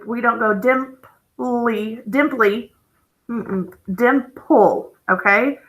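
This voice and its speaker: A woman's voice: a little high, sharp tone, poor audio. A woman teaching a phonics lesson, patient and explaining step by step, checking in with the class often. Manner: slow, patient, checks in with "okay?".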